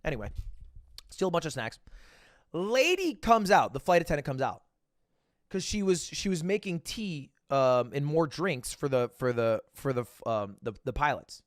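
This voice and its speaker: A young man livestreaming, casually telling a story to his chat, swinging between loud bursts and low asides and acting out the dialogue. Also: big pitch swings, moderate pace, no room sound, clean studio sound. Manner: acts out quoted dialogue.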